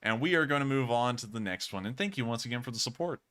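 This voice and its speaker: A man's voice: mid-range voice, expressive, fast, sharp tone, clear, resonant tone. A man hosting a live stream, answering viewer questions in a chatty, rambling way and often correcting himself. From United States. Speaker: host.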